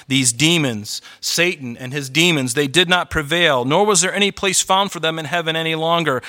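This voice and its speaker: Pastor guy preaching, real fired up and chatty, bright punchy voice, kinda high for a man. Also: moderate pace, hardly any pauses. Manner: fervent, worked up, conversational. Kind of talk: sermon. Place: church hall with congregation.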